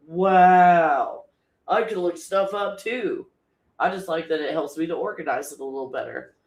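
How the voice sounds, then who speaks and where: A live-stream host in a home room talking casually, blunt and profane, often laughing and getting worked up. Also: mid-range voice. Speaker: livestream host. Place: home room with a dog nearby. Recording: echoey room.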